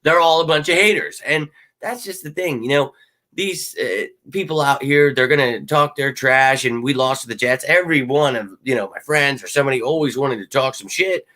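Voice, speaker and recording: A man hosting a live fan show in casual chat, hyped and profane, his voice a little worn from shouting at a game. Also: mid-range voice, brisk. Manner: hyped, rowdy and profane, swings loud. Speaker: sports fan show host.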